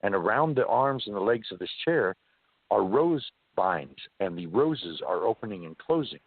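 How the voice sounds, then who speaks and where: A man from California, an interview guest, telling a first-person story in an animated, folksy way. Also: fairly low pitch, normal speed, breathy edge, no room sound. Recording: dry muffled phone line.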